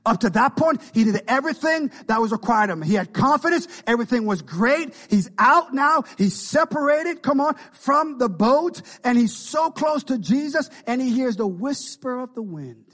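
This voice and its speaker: High-voiced man preaching with passion. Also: lively intonation, normal speed, few pauses, a bit bright. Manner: impassioned preaching with call-outs to the congregation. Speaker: pastor. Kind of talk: sermon.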